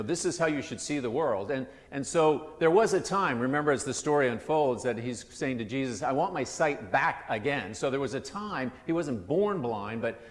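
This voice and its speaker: A male pastor giving a sermon in a conversational, loose way, often restarting his sentences. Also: medium pitch. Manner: conversational, with frequent restarts and asides. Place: church sanctuary. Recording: long church reverb.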